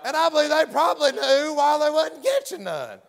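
A man's voice: extremely high pitch, big pitch swings, normal speed, gravelly, a bit bright. A man preaching a folksy sermon, often hollering and acting out the story's characters.

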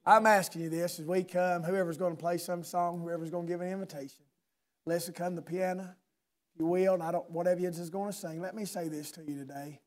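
A man preaching a sermon in a church service, swinging from loud shouting to low intimate speech and firing rhetorical questions at listeners by name. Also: steady tone, a little fast.

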